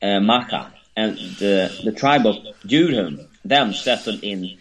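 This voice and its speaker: A man co-hosting a talk show, reading a history text aloud in a halting, hesitant way, with many fillers and stumbles over names. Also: fairly low pitch, fairly bright tone, rough recording. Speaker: podcast co-host.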